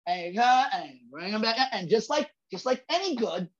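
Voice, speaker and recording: A male comedian guest on a podcast, talking in a profane, emphatic way, building rhythm and bursting into shouts for emphasis. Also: high voice, big pitch swings, fairly quick, highs cut off. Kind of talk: casual podcast chat.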